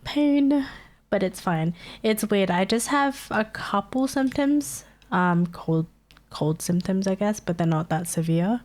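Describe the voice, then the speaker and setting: A woman's voice: mid-range voice, expressive, takes it slowly, a little mellow. A young woman streamer with a stuffy nose and sore throat, chatting casually and answering her chat. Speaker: live streamer.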